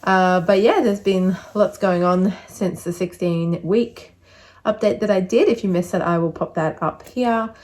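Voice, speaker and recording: A woman's voice: mid-range voice, unhurried, darkish tone. A young woman giving a casual vlog update, chatty and rambling, a little out of breath. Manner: chatty, rambling with many fillers. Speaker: vlogger.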